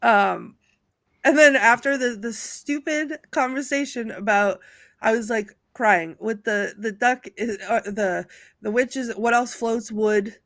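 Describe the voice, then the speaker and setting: A woman on a video call chatting excitedly with friends on a live stream, laughing often as she talks. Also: a little high, measured pace, no room sound. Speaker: panelist. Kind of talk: casual chat on a live stream.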